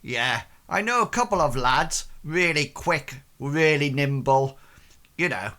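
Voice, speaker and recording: Male GM voicing a wary, well-spoken female fixer in a fantasy slum; crisp, animated delivery. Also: on the high side, unhurried. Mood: shrewd. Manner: polite, dry, upper-class put-on speech. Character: shrewd adult woman fixer in the slums.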